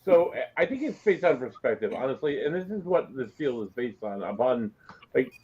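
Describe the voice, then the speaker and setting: A man's voice: medium pitch, sing-song, normal speed, warm tone, slightly rough. A man co-hosting a casual group chat, rambling and drifting off topic. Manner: rambling, digressive. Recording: dull lo-fi sound.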